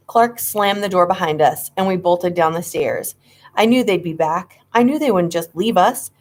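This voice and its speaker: A woman's voice: on the low side, normal speed. A woman narrating a children's horror story, reading with dramatic suspense. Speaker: audiobook reader.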